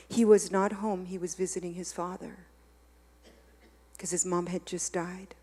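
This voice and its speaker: A woman giving a confessional sermon, dropping to a hush and rising to loud preaching. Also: fairly low pitch, fairly even intonation, normal speed, in a large hall. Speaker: guest speaker. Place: church hall.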